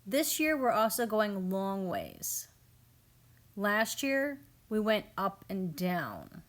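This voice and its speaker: A woman in her thirties talks over her family's garden footage in an easygoing, chatty voice. She sounds amused and warm toward her kids and often drops into their lines as she tells it. Her pitch sits in an ordinary middle range. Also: huge pitch swings, slow. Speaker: family homestead vlogger. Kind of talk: casual voice-over narration of garden video.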